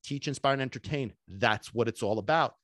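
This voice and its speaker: An excitable, emphatic man hosts his own dog-training podcast, mixing in Sicilian phrases and the odd curse word. His voice sits at a middle pitch and sounds close and dry, with no room echo. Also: a little fast. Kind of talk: energetic solo podcast talk.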